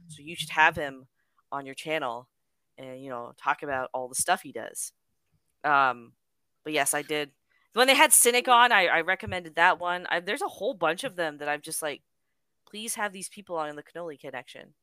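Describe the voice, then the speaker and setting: Bright, smooth-voiced podcast regular. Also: medium pitch, expressive, normal speed, no echo. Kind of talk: casual podcast chat.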